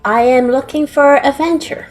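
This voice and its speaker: A woman's voice: high-pitched, fairly even intonation, moderate pace, darkish tone, faint music behind, voice pushed up, close to an everyday voice. A woman voicing a young female illusionist adventurer, hesitant and earnest.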